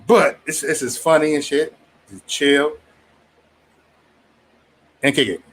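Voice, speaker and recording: A man's voice: fairly high pitch, slow, a bit bright, a little hiss or hum. Loose, profane man hosting a livestream. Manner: loose, profane, laughing often, mimics others in raised voice. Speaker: livestream host. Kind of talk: casual livestream chat.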